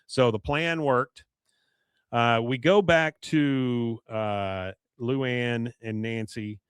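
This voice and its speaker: Male podcast host, mid-range pitch, dry close-mic sound, voice wearing thin, loose animated recap delivery. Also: extremely slow, clear, resonant tone, no room sound. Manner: animated storytelling, frequent "uh" and "you see". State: voice going hoarse. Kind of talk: casual episode recap.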